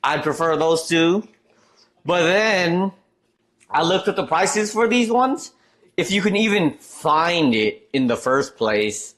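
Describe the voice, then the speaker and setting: A man's voice: a little high, fairly bright tone. A man streaming live, chatting casually and reading out chat messages, trailing off and restarting as he goes.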